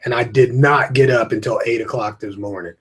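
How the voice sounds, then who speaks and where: A man's voice: mid-range voice, fairly quick, slightly rough. Man, casual live webinar host, rambling, tired, yawning, webcam audio. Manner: chatty, rambling, greets viewers by name. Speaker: online course host. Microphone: webcam with screen beside it.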